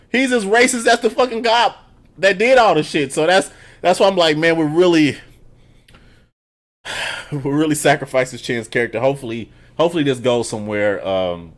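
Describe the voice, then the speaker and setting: Brief: male TV reviewer, profane, animated, casual recap. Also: on the high side. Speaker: TV show reviewer.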